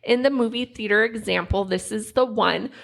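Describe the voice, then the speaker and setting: A woman co-hosting a podcast, telling a story in an animated, chatty way with lots of "like". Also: on the high side, normal speed, gravelly. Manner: animated, lots of "like", acts out quotes. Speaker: podcast co-host. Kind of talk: casual storytelling chat.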